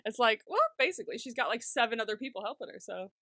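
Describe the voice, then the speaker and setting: A woman's voice: on the high side, fast talker, bright, forceful tone, no room sound. A woman co-hosting a podcast, recapping an episode in casual chat, laughing often and acting out the characters' lines with plenty of swearing. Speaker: podcast co-host.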